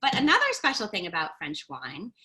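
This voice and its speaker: An American woman wine educator, a guest on a video call, articulate and quick to laugh. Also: lowish voice, sing-song. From United States. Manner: warm, articulate, laughs easily. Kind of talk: interview guest.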